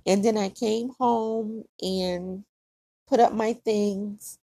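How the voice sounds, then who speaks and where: A woman hosting a casual solo podcast, chatty and repetitive, with plenty of vocal fry. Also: mid-range voice, steady tone, takes it slowly, dark tone, no echo. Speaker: podcast host.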